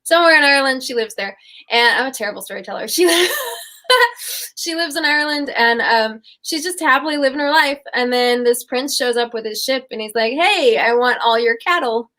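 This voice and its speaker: A woman's voice: sits high, a little fast, pushed and bright. Chatty woman retelling fairy tales. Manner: chatty, rambling, giggly storytelling. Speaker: co-host.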